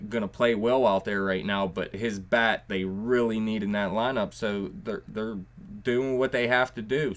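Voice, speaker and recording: Lower-voiced man doing casual sports analysis, measured and hesitant. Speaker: podcast co-host.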